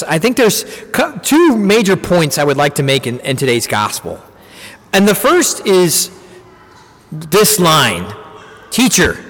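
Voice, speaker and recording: A man giving a conversational Catholic homily, animated and acting out Scripture lines with feeling. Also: sits high, long reverb tail. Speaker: Catholic preacher.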